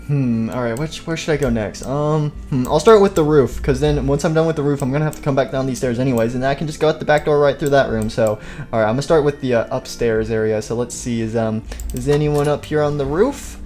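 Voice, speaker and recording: A man's voice: medium pitch, fast, darkish tone. Rambling man narrating his game play. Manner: rambling, talks to himself while playing. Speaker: roleplay creator and seeker. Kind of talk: game roleplay chatter.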